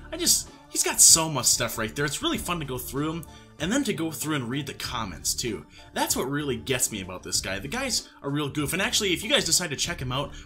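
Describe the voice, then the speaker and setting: A man delivers sarcastic commentary with a bright, forceful tone, his voice swinging widely as he mocks. His delivery is animated and teasing throughout. Faint music plays softly underneath. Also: medium pitch. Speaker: YouTube commentator.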